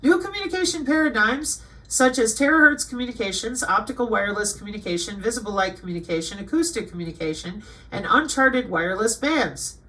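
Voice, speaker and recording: Bright-voiced woman reading out a list. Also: fairly high pitch, expressive, a little fast, few pauses, rough recording. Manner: indignant, lecturing the listener. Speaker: online commentator. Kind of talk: casual monologue reading from a web page.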